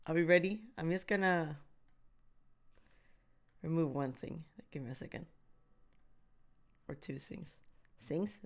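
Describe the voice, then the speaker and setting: Excitable young woman streaming a reaction. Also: fairly low pitch. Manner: excitable, nervous chatter with laughs and shrieks.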